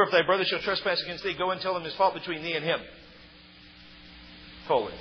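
A man preaching a sermon, emphatic and stressing key words loudly. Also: high voice. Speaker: pastor. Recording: muffled sound in a reverberant hall.

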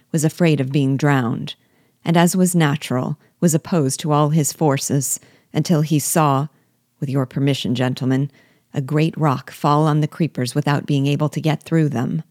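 A woman reading a classic novel aloud in a measured, unhurried way, slowing down for the quoted lines. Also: low voice, steady tone, darkish tone, no echo, studio quality.

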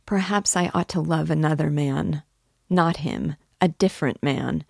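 Woman reading a novel, slow, emotive, dry close sound. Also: low voice, gravelly, slightly rough, dry recording. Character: Nastenka, tearful young woman. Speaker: reader. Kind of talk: literary audiobook reading.

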